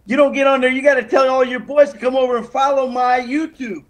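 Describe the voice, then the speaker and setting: Teasing man with a high voice. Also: steady tone, fast talker. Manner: teasing, laughs easily, bossy asides. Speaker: guest on a call. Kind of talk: casual chat.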